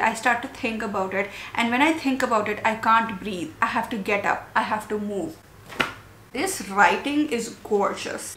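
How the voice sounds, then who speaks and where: A woman's voice: on the high side, fairly bright tone. A woman in her twenties chatting about books in a casual vlog, gushing and emotional, often repeating words for emphasis. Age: 20s. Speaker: book vlogger. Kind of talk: casual book vlog chat. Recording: echoey room with faint ambience.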